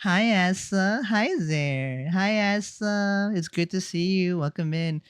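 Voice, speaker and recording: A man putting on a sweet, soft femme voice for a slow, sugary greeting. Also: sits high, smooth, no echo, studio quality, voice pushed up.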